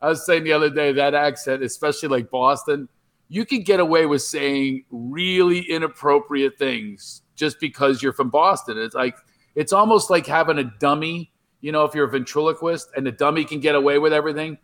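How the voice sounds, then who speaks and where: A middle-aged man telling stories as a comedian guest, with a somewhat raised pitch. He rambles and restarts often, animated and loose, over a remote call. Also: brisk. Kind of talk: casual podcast interview.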